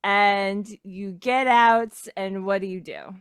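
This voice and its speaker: A woman running a tabletop game as game master, unhurried and giggly, breaking into laughter as she describes scenes. Her voice sits at a middle pitch and is recorded close and dry. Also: clean tone, no room sound. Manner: giggly, chatty, narrating with lots of fillers.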